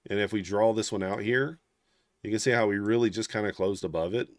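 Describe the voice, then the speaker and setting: A low-voiced man talks through his trades live and casually, often trailing off into quiet asides. His voice is close to the mic and completely dry. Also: steady tone, brisk, no echo. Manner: thinking aloud, casual, murmured asides. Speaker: trading livestream host. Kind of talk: live trading commentary.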